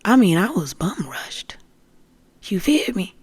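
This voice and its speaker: A spiritual podcast host telling a story in a casual monologue, calling listeners "family" and swinging between loud outbursts and hushed whispers. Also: medium pitch, very animated, takes it slowly, breathy edge, dry recording, clean studio sound. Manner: addresses listeners as family, streetwise slang.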